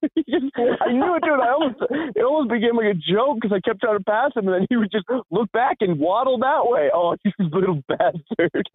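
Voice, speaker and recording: A man co-hosting a podcast, telling a story in a casual, animated way, laughing often and swearing freely. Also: extremely high pitch, normal speed, slightly rough, no room sound. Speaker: podcast co-host. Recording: tinny phone-like sound, dry.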